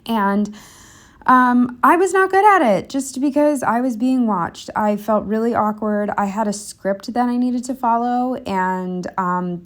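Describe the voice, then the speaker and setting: Casting: young woman, self-deprecating chatty narrator, average pitch, unpolished. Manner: candid, self-deprecating, rambling with fillers. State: a bit out of breath. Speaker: planner vlogger. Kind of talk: casual voice-over narration.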